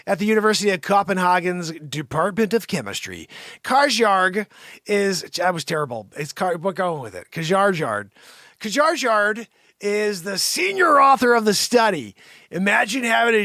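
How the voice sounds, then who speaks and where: A man riffing comically, rambling and joking, with bursts of shouting. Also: sits high, no echo, clean studio sound. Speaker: comedic commentator. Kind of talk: improvised comedic riffing.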